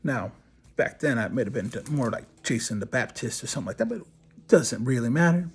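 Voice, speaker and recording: A man's voice: medium pitch, brisk, slightly rough. A middle-aged man, a podcast host telling a crude, swearing story and acting out what people said. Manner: crude, animated storyteller who swears and acts out quotes. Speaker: podcast host, body piercer. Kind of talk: casual storytelling.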